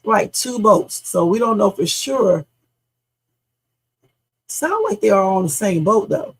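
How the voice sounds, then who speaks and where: Blunt gravelly woman streamer. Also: mid-range voice, animated, slow, poor audio. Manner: blunt, opinionated, frequent "okay?" asides, swears. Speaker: reaction streamer. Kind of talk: casual true-crime reaction commentary.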